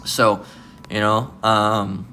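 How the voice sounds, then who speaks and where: A man preaching an informal lesson in a bright, edgy voice. He is emphatic, swears freely and keeps checking in with "all right?". Faint guitar music sits behind him. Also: fairly low pitch, flat delivery, drawn-out words. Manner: emphatic and profane, repeats "all right?" constantly.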